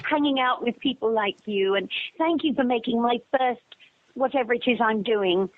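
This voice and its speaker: A woman's voice: a little high, normal speed. An older actress chatting as an interview guest, bubbly and rambling, telling stories and acting out the lines people said to her. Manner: bubbly, rambling anecdotes with acted-out quotes. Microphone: telephone. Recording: tinny phone line.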